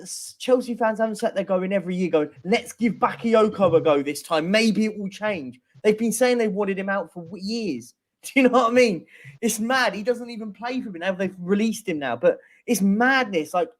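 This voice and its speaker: High-voiced man, rambling chatty panelist. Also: moderate pace. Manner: rambling, conversational, tag questions like "isn't it". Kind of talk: casual live-stream football chat.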